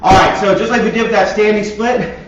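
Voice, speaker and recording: A man's voice: high voice, fairly even intonation, brisk, noisy background. A man, a martial arts instructor, leads a home PE class for kids, counting down reps and cheering them on while he works out himself. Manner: encouraging, counts reps aloud; exercising along while talking. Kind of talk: coaching a home workout class. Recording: echoey, distant, dull lo-fi room sound.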